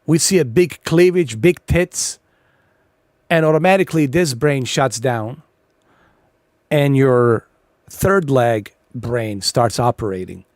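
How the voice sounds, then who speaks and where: A man's voice: medium pitch, takes it slowly, long pauses, no echo, studio quality. A man hosting a gaming video, ranting casually in a blunt, profane, rambling way with many fillers. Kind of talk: casual rant over gameplay.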